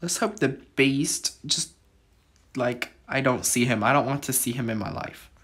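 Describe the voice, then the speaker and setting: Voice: mid-range voice, a little slow, fairly bright tone. A gamer giving let's-play commentary on a horror game, jittery and exclaiming in fright, dropping to whispers at tense moments.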